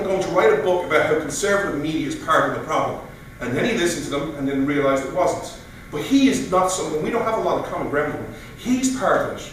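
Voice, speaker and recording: Man giving an animated speech in an echoey room. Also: fairly high pitch, recorded from a distance, a little hiss or hum. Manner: animated, storytelling with mock voices. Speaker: guest speaker. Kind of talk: speech at a political meeting. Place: meeting room.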